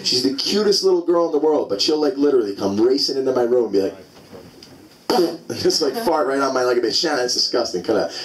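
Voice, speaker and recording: Forty-something male stand-up, mid-pitched, chatty and rambling; a slightly distant club mic. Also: expressive, fast, hardly any pauses. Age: 40s. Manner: loose, rambling storytelling with many fillers. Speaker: stand-up comedian. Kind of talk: stand-up comedy set. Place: comedy club stage.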